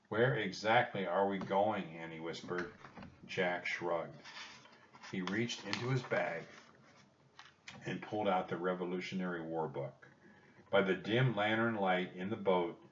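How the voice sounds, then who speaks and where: A man narrating a children's storybook in a calm, measured reading. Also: deep voice, distant mic, muffled recording, slight background noise.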